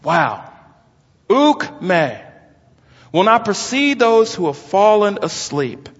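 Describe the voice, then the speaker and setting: A man preaches an expository sermon, explaining a text emphatically, exclaiming and stretching out words. His voice sits high and sing-song, slow and slightly rough, captured lo-fi with a long hall reverb.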